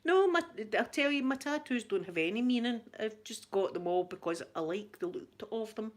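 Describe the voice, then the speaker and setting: A woman's voice: a little high, lively intonation, moderate pace. A woman with a Glaswegian Scottish accent chatting casually on a live stream, laughing often and repeating herself as she answers viewers. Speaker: ASMR channel host answering live chat.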